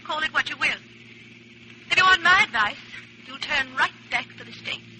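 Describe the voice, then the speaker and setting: A woman's voice: sits high, moderate pace, lightly acted. An actress in a 1940s radio drama playing a scornful, worldly woman with a haughty, dismissive manner, on a hissy old recording. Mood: cool, scornful. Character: aloof, scornful young woman of an outback town. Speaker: local woman giving a lift.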